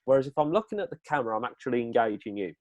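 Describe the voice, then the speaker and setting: A man's voice: mid-range voice, very animated, very fast. An upbeat man coaches listeners on presenting, speaking straight into his webcam. His voice sits in a middle register and sounds dry and close, with no room echo. His delivery is direct and instructive. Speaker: presenting coach giving tips. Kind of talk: instructional chat on a video call.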